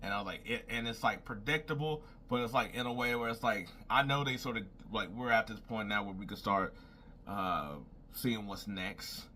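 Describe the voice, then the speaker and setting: A young man whose voice sits on the low side speaks at a moderate pace, bright and forceful, with a little hiss or hum. In casual solo talk as a wrestling commentator, he rambles and thinks aloud over his predictions, saying "I was like" repeatedly.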